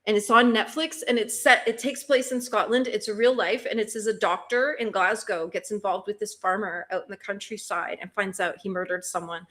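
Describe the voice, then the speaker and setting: A woman's voice: mid-range voice, steady tone, brisk, few pauses, a bit bright. A woman hosting a cozy productivity livestream, chatting casually and answering viewer comments with lots of questions and frequent laughter. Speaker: livestream host.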